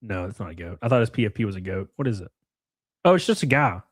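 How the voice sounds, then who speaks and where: A man's voice: fairly low pitch, very animated, fast, slightly rough, no echo. A man streaming live, reading chat and rambling through loose, crude takes with frequent laughs. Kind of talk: casual livestream chat.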